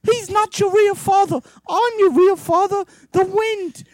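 A man's voice: very high voice, fairly even intonation, a little slow, darkish tone, voice pushed up. A man voicing a blustery father, later the wind, in a mock-Irish sing-song manner that calls everyone "mate", in improvised comedy. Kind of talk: improvised comedy role-play.

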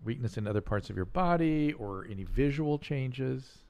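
An older man, a physician hosting a talk show, speaking in a casual, earnest way with many halting restarts as he explains and gives advice to callers. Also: mid-range voice, lively intonation, a little mellow, muffled recording. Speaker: physician podcast host. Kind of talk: casual chat and call-in advice.

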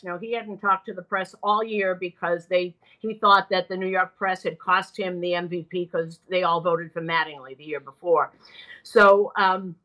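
An older woman broadcaster telling animated stories from her career in an interview, often quoting other people. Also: fairly low pitch, low-quality recording. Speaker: guest broadcaster. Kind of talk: storytelling in a podcast interview.

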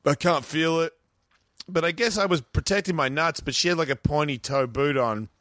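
A man with a bright, forceful voice pitched a little high, telling rowdy stories as a podcast guest. He talks in a casual, animated, profane way. The sound is close and dry, with no room around it. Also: normal speed, no room sound. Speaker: podcast guest, radio host.

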